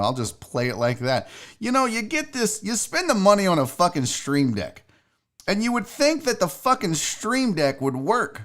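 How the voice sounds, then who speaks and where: Animated, high-voiced male stream host. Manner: animated, joking, swears freely. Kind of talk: casual livestream chat.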